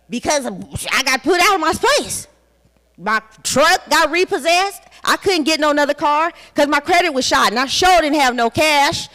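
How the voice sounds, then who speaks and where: Conference speaker: a woman in her forties with a high voice, blunt and profane, in a reverberant hall. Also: a bit bright. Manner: candid, blunt, profane storytelling. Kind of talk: personal testimony talk.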